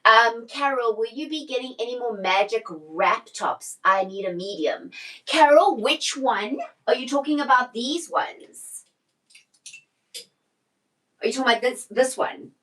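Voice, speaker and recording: A woman's voice: fairly high pitch, measured pace, fairly bright tone, low-quality recording. A middle-aged woman, a personal stylist, chatting casually on a live shopping stream, answering viewer questions and often restarting her sentences.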